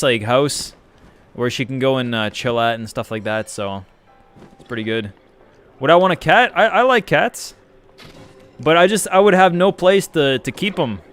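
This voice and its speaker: A man's voice: on the high side, a bit bright, clean tone. A man streaming a video game, chatting casually with viewers, rambling and swearing as he answers their messages. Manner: rambling, profane, reads and answers chat. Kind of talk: casual live-stream chat while gaming.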